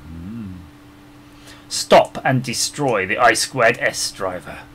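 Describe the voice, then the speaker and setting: A man's voice: fairly low pitch, animated, slow pace, a bit bright, slight background noise. A man hosting a live stream, chatting casually and laughing often as he works, with his microphone about three feet from him. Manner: chatty, laughs often, mutters while searching. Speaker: livestream host designing a circuit board. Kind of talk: casual live-stream chat while working. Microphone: microphone about three feet away.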